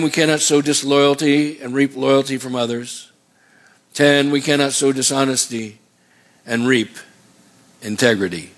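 A man preaching a sermon as pastor, emphatic, asking the congregation to answer back. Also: medium pitch. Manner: preaching with call-and-response questions; emphatic, rising on exhortations.

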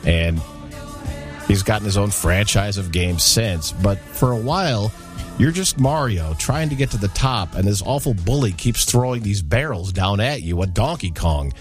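A middle-aged man chatting casually on a podcast, counting down a list and springing up high whenever he quotes someone. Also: moderate pace, soft background music. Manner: animated storyteller, jumps high for quoted voices.

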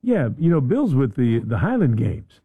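A man's voice: mid-range voice, moderate pace, husky, no echo, phone-quality sound. A man hosting a radio talk show in a studio, chatting casually and often repeating words as he goes. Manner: animated, repeats words and restarts.

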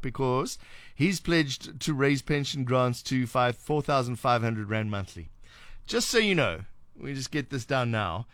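Wry South African radio host, dry studio sound. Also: male voice, fairly high pitch, a bit bright, dry recording. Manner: wry, sarcastic, chatty with restarts. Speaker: radio talk show host. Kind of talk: casual late-night radio chat. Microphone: studio microphone.

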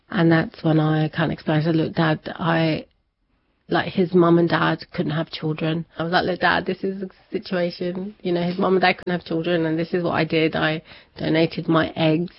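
A woman's voice: sits low, little pitch movement, moderate pace, no echo. Chatty woman telling a family story. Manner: chatty, laughs often, quotes family members. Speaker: interview guest. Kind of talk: personal storytelling in an interview. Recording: slightly dull lo-fi sound.

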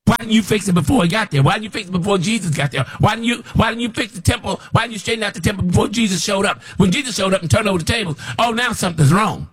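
A man calling himself a prophet, preaching in a scolding, repetitive way that sometimes rises toward a shout. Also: high voice, very fast, hardly any pauses, breathy edge. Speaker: self-described prophet. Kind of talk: preaching monologue.

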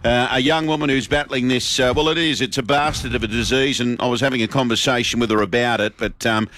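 A man hosting a sports radio show in relaxed, matey banter. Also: mid-range voice, quick pace, a little hiss or hum. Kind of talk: casual radio chat.

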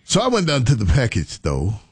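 Animated man telling a story. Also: medium pitch, brisk, breathy edge, dry recording. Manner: animated, breaks into laughter, drawling Southern vernacular. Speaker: storyteller in a two-person chat. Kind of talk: casual comic storytelling.

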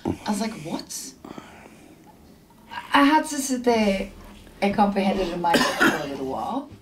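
A young woman chats on a casual radio show, wandering through a long story and putting on the voices of the people in it. Her voice sits at a middle pitch. A faint hiss sits under the recording. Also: very animated, normal speed. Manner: rambling storyteller, acts out quotes. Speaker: radio co-host. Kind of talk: casual chat.

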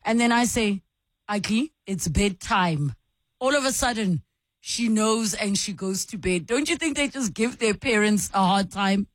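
A woman hosting a call-in radio show, chatting with callers and reading listener messages aloud in an animated way. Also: mid-range voice, normal speed, no room sound.

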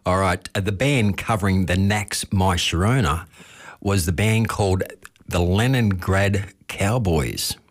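Low-voiced Australian radio host. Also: male voice, unhurried. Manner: relaxed, chuckling, reads out requests. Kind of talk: casual radio chat.

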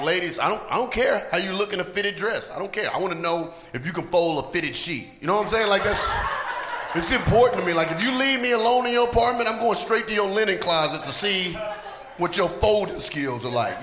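Brash high-voiced stand-up comedian. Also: male voice. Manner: brash, crude, shouting punchlines. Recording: echoey club with noisy audience.

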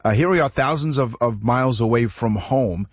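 A husky, mid-pitched man from Canada co-hosts a talk radio show in an easy, storytelling way. He circles back, repeats words and chuckles as he talks. The studio sound is dry and a little muffled. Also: normal speed, dry recording. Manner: rambling, repeats words, chuckles through stories. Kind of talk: casual radio chat, storytelling.

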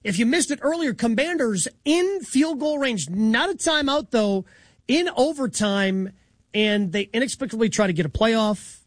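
A male sports radio host with a high-pitched voice talks through plays briskly and conversationally. The studio sound is dry and close. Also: lively intonation, no echo. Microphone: studio microphone.

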